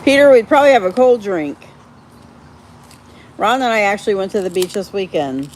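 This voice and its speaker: A woman hosting a casual live stream, chatting warmly with viewers by name and laughing often. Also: mid-range voice, lively intonation, moderate pace, a little hiss or hum. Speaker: livestream host reading viewer chat.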